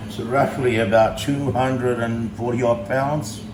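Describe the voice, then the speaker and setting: A man's voice: mid-range voice, fairly even intonation, measured pace. A man talking casually to his phone camera while cooking at home, joking and rambling and chatting to his dog. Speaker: bodybuilding vlogger. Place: home kitchen with a noisy fan. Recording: echoey room with fan noise.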